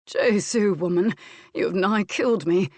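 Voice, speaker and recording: Woman voicing a teasing Highland lord. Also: a little slow, a little mellow, no echo, lightly acted. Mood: tender. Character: strong Scottish Highland lord, teasing and protective.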